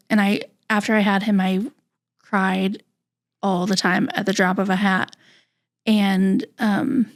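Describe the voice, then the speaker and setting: A woman guest on a podcast, telling a personal story in a halting, candid, soft-spoken way. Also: medium pitch.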